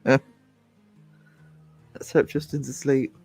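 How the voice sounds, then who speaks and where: A man's voice: mid-range voice, flat delivery, slow pace, vocal fry, darkish tone, soft background music. A man hosting a casual livestream, rambling and greeting viewers by name as he chats. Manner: rambling, chatty, self-interrupting. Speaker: livestream host.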